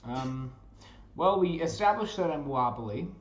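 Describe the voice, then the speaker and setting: A man's voice: on the high side, lively intonation, unhurried, roomy sound, a crowd in the background. A man playing in a tabletop game, playful and giggly, with many ums. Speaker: player. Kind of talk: casual tabletop play.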